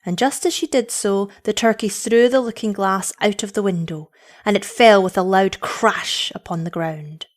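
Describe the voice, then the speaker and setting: A woman giving an expressive scripted story narration. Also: medium pitch, moderate pace.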